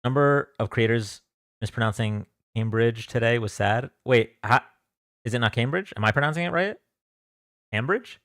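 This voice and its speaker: A young man hosts a live stream from home, chatting loosely and jokingly while greeting viewers by name. His medium-pitched voice moves at normal speed with a slightly bright tone, recorded clean and dry in studio quality.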